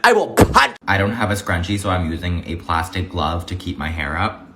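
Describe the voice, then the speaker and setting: A man's voice: low voice, fairly even intonation, brisk, a bit bright. A young man delivering a profane, exaggerated comedic rant monologue.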